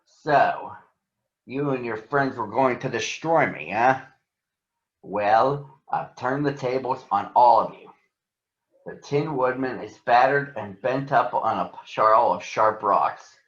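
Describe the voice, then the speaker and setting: A man's voice: medium pitch, slow, a bit bright. A man voicing a cruel, gloating old witch from a storybook, drawing out his words. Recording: roomy, dull sound.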